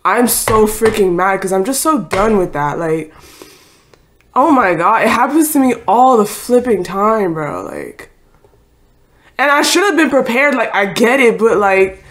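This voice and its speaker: A woman's voice: medium pitch, fairly bright tone. Exasperated young woman reacting to anime. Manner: exasperated, slangy, emphatic, swears and repeats herself. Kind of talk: casual reaction commentary.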